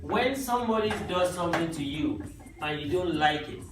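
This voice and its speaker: A man with a somewhat high, animated voice and a moderate pace guides young students through basic phrases in a language class. He's patient and frequently asks "right?", while the distant mic catches room echo and background music.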